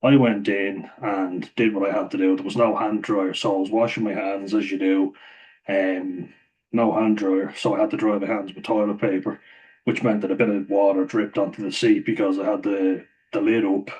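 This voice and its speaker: A man's voice: on the low side, flat delivery, normal speed, darkish tone, highs cut off, a little hiss or hum. A man telling a rambling story to camera, swearing freely and laughing often mid-sentence. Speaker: vlogger.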